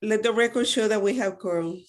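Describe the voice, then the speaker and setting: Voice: mid-range voice, fairly quick, a little hiss or hum. The chair of a public board, running the meeting procedurally and politely, with small stumbles.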